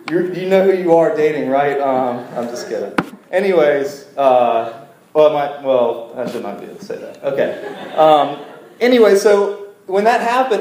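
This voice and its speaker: A man's voice: fairly high pitch, darkish tone, roomy sound, slight background noise, poor audio. A man preaching a casual, joking sermon to a congregation in a church, asking them to repeat words back to him. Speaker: pastor. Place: church service room.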